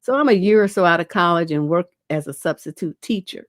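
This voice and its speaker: A middle-aged woman with a fairly low voice reads out viewer letters and answers them with blunt, casual advice, full of "you know". She has a lingering cough. The sound is dry and close, with no room echo. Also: expressive, brisk. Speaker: relationship coach. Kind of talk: livestream advice show, reading and answering questions.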